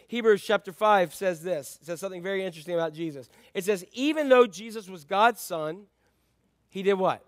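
A man preaching a conversational sermon, dropping to soft asides and rising to loud, emphatic passages. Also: sits high, normal speed, no room sound, studio quality. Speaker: pastor.

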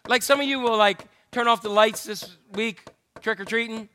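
Pastor guy preaching, earnest and chatty, bright high voice. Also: normal speed, a little hiss or hum. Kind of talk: sermon.

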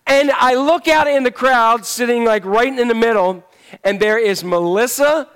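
A man's voice: extremely high pitch, normal speed, a bit bright, clean tone. A man preaching a sermon as pastor in a church service, talking in a conversational, joking storytelling manner.

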